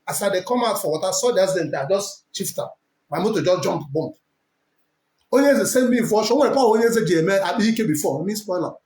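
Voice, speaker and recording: A man with a Nigerian accent preaching forcefully as a prophet, switching between English, Pidgin and Igbo. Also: high voice, animated, fast talker. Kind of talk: preaching to camera. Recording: echoey room.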